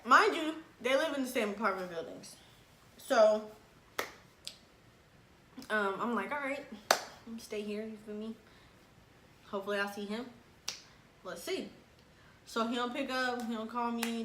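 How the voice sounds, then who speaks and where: A young woman tells a personal story in casual chat, animated, laughing often and acting out what people said. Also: on the high side. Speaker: vlogger telling a story. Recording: echoey room with faint background noise.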